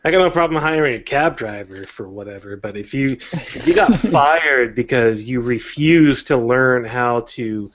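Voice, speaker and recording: A man co-hosting a podcast in casual chat, giving short reactions and drawn-out remarks. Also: mid-range voice, expressive, fairly bright tone. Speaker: podcast co-host. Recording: dull lo-fi podcast audio.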